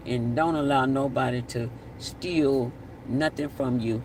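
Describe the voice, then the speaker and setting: A man's voice: mid-range voice, fairly even intonation, takes it slowly, a little mellow, recorded from a distance. A man chats easily on a live stream, reading out comments and repeating his words for emphasis. He sounds set back from the mic, with faint street and car noise outdoors. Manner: chatty, repeats himself, signs off with blessings.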